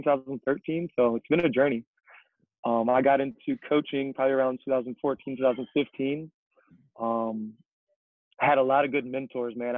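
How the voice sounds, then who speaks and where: A man's voice: medium pitch, no room sound. A young man, a CrossFit coach, chatting casually as a podcast guest and rambling with plenty of fillers. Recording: tinny phone-like remote line.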